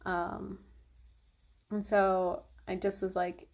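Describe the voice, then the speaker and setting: Gravelly young woman rambling through a story. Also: medium pitch, fairly even intonation, measured pace. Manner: rambling, lots of fillers and "like". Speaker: vlogger. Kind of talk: casual storytelling to camera.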